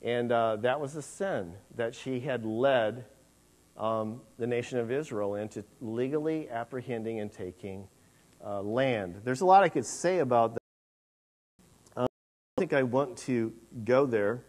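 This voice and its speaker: A man's voice: medium pitch, measured pace, a little mellow. A man preaching a sermon in a conversational, rambling way, with many fillers and restarts.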